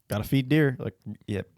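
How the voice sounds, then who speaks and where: A man's voice: mid-range voice, darkish tone, no room sound, clean studio sound. A man co-hosting a podcast in casual chat, joking and swearing freely. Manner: joking, swears, laughs at own bits. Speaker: podcast co-host.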